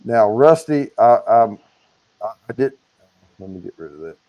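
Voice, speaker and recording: A man's voice: mid-range voice, animated, normal speed, dull audio. A man co-hosting a casual livestream, chatting and running through giveaway details. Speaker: livestream co-host.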